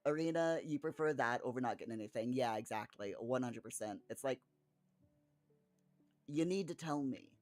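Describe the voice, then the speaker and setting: Man streamer, mid pitch, rambling casual chat with restarts, faint music underneath. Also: moderate pace, dry recording. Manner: rambling, with frequent restarts and chuckles.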